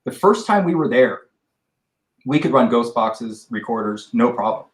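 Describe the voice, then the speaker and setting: Casting: mid-pitched male investigator, rambling talker, roomy echo on the voice. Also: lively intonation, normal speed. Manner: rambling, explains with restarts. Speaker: paranormal investigator guest. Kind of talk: casual podcast discussion.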